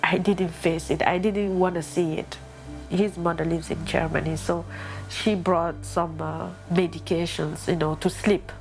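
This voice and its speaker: A woman's voice: fairly low pitch, steady tone, unhurried, gravelly, darkish tone, faint music behind. A woman from Guinea, speaking earnestly and confessionally about her life in an interview. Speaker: documentary subject. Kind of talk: personal interview.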